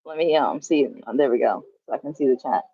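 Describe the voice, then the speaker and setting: A woman's voice: extremely low pitch, quick pace, no echo, dull audio. A woman chatting casually on a livestream from home, swearing freely and laughing as she reads the chat. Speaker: livestream host. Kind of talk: casual live-stream chat.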